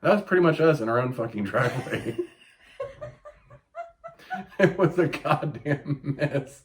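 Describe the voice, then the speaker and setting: Profane, animated man in his late thirties. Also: fairly high pitch, a little slow. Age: 30s. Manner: profane, animated storytelling with yelped quotes. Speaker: podcast host. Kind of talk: casual chat.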